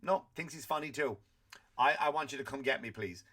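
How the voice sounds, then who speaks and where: A man's voice: mid-range voice, a little fast, pushed and bright. A man voicing a fed-up male pet dog who phones the shelter to complain about the household. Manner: complaining, tattling.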